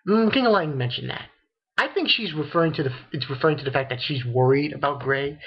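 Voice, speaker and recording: Excitable man recapping a manga, lo-fi. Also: medium pitch. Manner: excitable, swears, retells dialogue with many restarts. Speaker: manga reviewer. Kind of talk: casual chapter recap.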